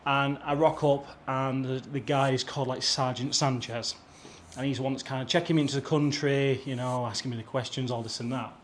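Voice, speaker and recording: Brisk and fairly even in intonation, this young Englishman's mid-range voice comes with slight background noise. He's a British travel vlogger casually recounting a trip story to camera, performing the dialogue along the way.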